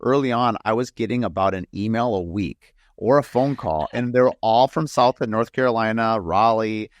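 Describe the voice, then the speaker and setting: A man from the northern United States hosting an interview podcast in a low voice. He tells rambling stories full of asides and fillers. The sound is dry and close. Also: normal speed, no echo, lo-fi sound. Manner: rambling storyteller, frequent asides. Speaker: podcast host and home builder. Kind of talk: casual interview chat.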